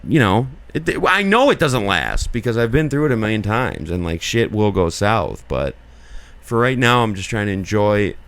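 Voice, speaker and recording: Low, smooth-voiced man rambling earnestly. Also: very animated, normal speed, a bit bright. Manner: rambling and earnest, many filler likes. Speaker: podcast co-host. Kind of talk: casual chat.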